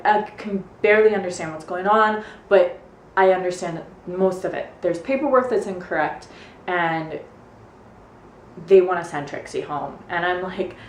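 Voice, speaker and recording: A woman's voice: fairly low pitch, roomy sound, slight background noise. A young woman in her twenties from the United States, casually telling a story in a vlog and acting out what everyone said. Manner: chatty, animated retelling with quoted asides. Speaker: vlogger.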